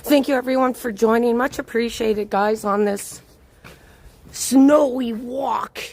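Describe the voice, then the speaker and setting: Woman, slightly high voice, slow unhurried pace, chatty live-stream tour host, greets viewers by name, handheld phone outdoors. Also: fairly even intonation, a little mellow. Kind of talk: live-stream walking commentary. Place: outdoors on a snowy city walk.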